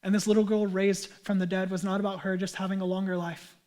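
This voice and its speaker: A man's voice: high-pitched, little pitch movement, fast, a little mellow. A man in his thirties, a pastor preaching a sermon in an earnest, conversational way with casual asides.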